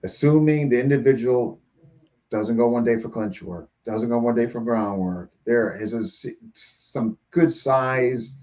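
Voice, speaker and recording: A man's voice: mid-range voice, a little slow, darkish tone. Blunt man on dull lo-fi audio. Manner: blunt, opinionated. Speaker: self-defense industry guest. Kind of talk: casual podcast chat.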